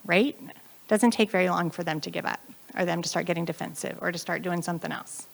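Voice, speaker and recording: A woman with an American accent giving a chatty, animated conference talk, often acting out the voices of the people in her stories. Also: on the low side, fast, creaky. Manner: chatty, animated, acts out quoted voices, frequent laughs. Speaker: conference speaker.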